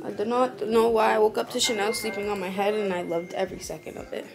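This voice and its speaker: A woman's voice: mid-range voice, steady tone, quick pace, crowd noise. A woman in her twenties vlogging in casual chat, slangy and swearing freely. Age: 20s.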